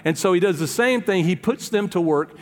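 Chatty preacher in a reverberant hall. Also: male voice, high-pitched, a little fast. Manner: conversational storytelling with hesitations and acted quotes. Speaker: pastor. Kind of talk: sermon.

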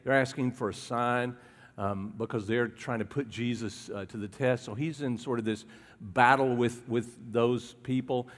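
Male pastor, mid pitch, chatty sermon delivery that draws in the congregation, recorded in a reverberant hall. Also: fairly even intonation, measured pace. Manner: conversational preaching, asks the congregation questions.

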